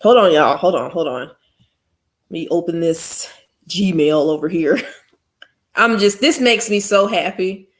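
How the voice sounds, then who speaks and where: A woman's voice: on the low side, slow pace, long pauses. A woman hosting a casual livestream, talking to her viewers in an effusive way and repeating her exclamations. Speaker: livestream host.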